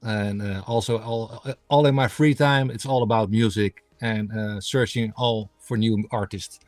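Halting man, dry sound. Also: fairly low pitch, fairly even intonation, darkish tone, no room sound, faint music behind. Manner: halting, many fillers while searching for English words. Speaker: guest, radio host and music blogger. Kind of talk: interview answers in a second language.

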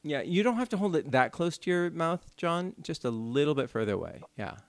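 A man hosting a casual comedy podcast, talking loudly in an exasperated, joking way. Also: a little high, big pitch swings, a little fast. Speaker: podcast host.

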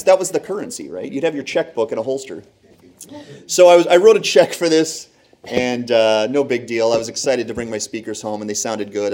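A man tells a funny personal story to a live crowd, chatty and self-deprecating. His mid-range voice swings widely in pitch as the tale builds. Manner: animated, conversational, self-deprecating.

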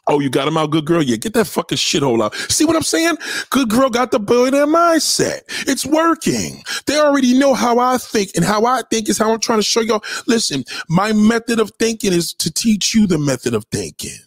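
Profane, lively-voiced man ranting on a livestream. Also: sits high, fairly quick, dry recording, studio quality. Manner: profane, confrontational, shout-outs to viewers. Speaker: livestream host. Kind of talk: casual livestream rant.

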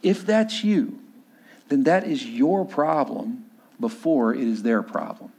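A man, a pastor preaching and telling a personal story, acting out voices and dropping low and quiet for emphasis. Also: sing-song, slow. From Texas.

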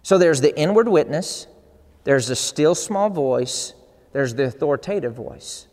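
A man's voice: on the high side, lively intonation, unhurried, a little mellow, long reverb tail. A male pastor preaching a sermon in an earnest, repetitive way that builds to emphatic peaks.

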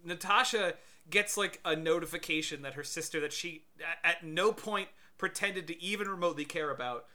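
A man's voice: a little high, moderate pace, pushed and bright. A man in casual chat reviewing a movie, rambling with stammered restarts.

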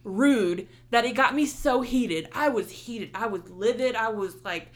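A young woman telling a story in casual chat, animated and heated, swearing often and filling with "like". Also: a little high, a little slow. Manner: heated, animated retelling with heavy swearing and many "like" fillers.

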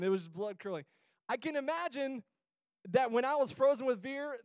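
Animated high-voiced young man telling stories. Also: no echo. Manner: animated, acts out the people in his stories. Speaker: youth speaker. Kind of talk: storytelling sermon to a young audience.

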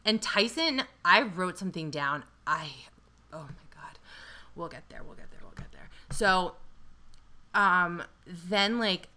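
A woman co-hosting a casual show recap, animated and swearing freely with quick asides. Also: fairly low pitch, a little hiss or hum. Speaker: podcast co-host.

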